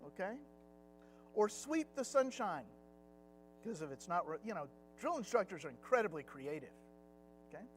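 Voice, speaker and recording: A man's voice: very high voice, a bit bright, a little hiss or hum. A middle-aged man teaching a Sunday Bible class in a conversational way. He acts out quotes and chuckles at his own jokes.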